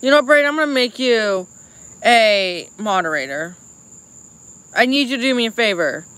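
Casting: upset woman streamer, bright tense voice, higher pitch, dry close sound, venting and apologizing. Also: lively intonation, moderate pace, dry recording. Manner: angry venting, repeated apologies. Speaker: live streamer. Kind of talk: casual livestream chat.

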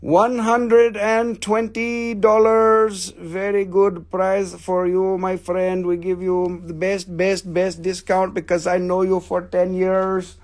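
A man's voice: high voice, level tone, takes it slowly, few pauses. A man putting on the voice of a pushy haggling street vendor who speaks broken English and runs heavy sales patter. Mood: wheedling.

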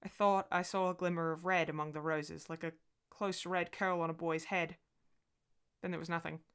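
A woman reads a ghost story aloud with expression and voices the characters herself. Her voice is bright and crisp, a little low in pitch, and clearly articulated. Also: flat delivery, moderate pace.

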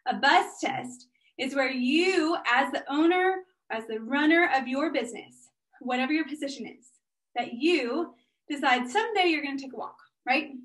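A woman giving an energetic workshop talk as a guest speaker, chatty and encouraging as she speaks straight to the audience. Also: high-pitched, moderate pace. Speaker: guest speaker and business owner.

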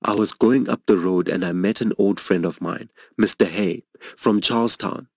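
A middle-aged man preaches a sermon testimony, telling a personal story with earnest emotion and voicing other people's lines at a higher pitch. He talks at normal speed, and the recording is dry.

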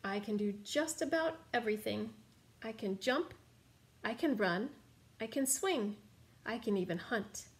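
A woman playing a proud, lively boy. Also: a little high, unhurried. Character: confident young boy, energetic hunter.

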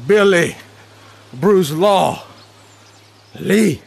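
A man giving live commentary while playing a VR fighting game. He trash-talks his opponent, lets out loud whoops and makes chatty asides to viewers. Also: high-pitched, expressive, extremely slow, creaky.

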